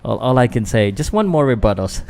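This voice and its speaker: A man's voice: medium pitch, very animated, brisk, vocal fry, mellow. A Filipino man, a boxing vlogger doing casual live fight commentary, chatting loosely to viewers with fillers and restarts. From Philippines.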